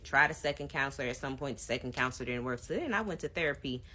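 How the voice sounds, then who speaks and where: A woman in her thirties telling a personal story to her viewers in a casual, animated way. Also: a bass voice, fast. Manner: animated storytelling, acts out both sides of arguments; casual, addresses viewers directly. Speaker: vlogger. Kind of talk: storytime vlog.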